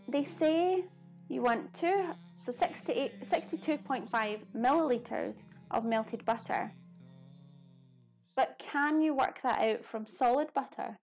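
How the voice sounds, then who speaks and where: A Scottish woman with a slightly high voice chats away as she cooks in her home kitchen, laughing easily and answering viewers' comments. Faint music plays softly behind her. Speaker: cooking streamer. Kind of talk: casual live-stream chat while cooking.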